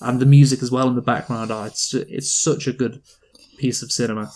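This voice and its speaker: Man co-hosting a movie podcast, mid-pitched, rambling and casual, many fillers. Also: steady tone, brisk, a little mellow, slight background noise. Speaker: podcast co-host reviewing films. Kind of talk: casual chat.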